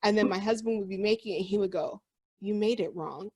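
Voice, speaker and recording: A woman in her thirties co-hosting a casual podcast chat. She tells family stories with lively, acted-out dialogue at a mid-range pitch. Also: fairly quick, a little hiss or hum. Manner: animated storyteller acting out family dialogue. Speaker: podcast co-host.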